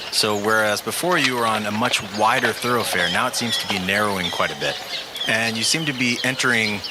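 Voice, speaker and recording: A man narrating a tabletop role-playing game as game master, setting scenes in a measured, descriptive way. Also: fairly low pitch, background noise.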